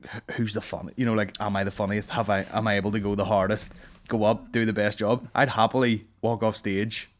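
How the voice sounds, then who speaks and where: A man's voice: fairly low pitch, flat delivery, a little fast. A man hosting a comedy podcast, telling rambling stories full of swearing and laughter. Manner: rambling storytelling, swears a lot, laughs often. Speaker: podcast host. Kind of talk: casual comedy banter.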